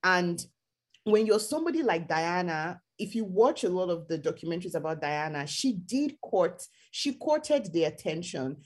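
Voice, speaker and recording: A woman's voice: lowish voice, big pitch swings, normal speed, slightly rough. A woman co-hosting a podcast in casual chat, explaining her views at length in a thoughtful, storytelling manner. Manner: thoughtful storytelling with acted quotes. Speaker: podcast co-host.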